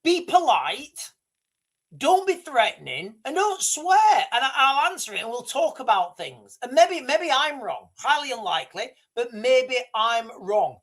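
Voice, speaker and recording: A man's voice: very high voice, sing-song, a little slow, fairly bright tone. A man in his thirties from the United Kingdom, hosting a casual livestream, rambling and chatty as he talks to viewers. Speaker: livestream host.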